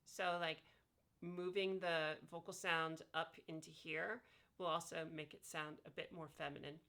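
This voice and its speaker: A woman's voice: sits low, flat delivery, a little slow, bright, forceful tone. A woman talking casually about her voice training, demonstrating vowel sounds with frequent fillers while lying on her back. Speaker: vlogger sharing voice training tips. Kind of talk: casual instructional talk.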